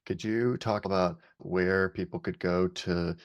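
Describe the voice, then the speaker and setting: A man hosting a podcast interview, measured and reflective as he asks questions and sums up the talk. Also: low-pitched, fairly even intonation, no echo, highs cut off. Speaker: podcast host.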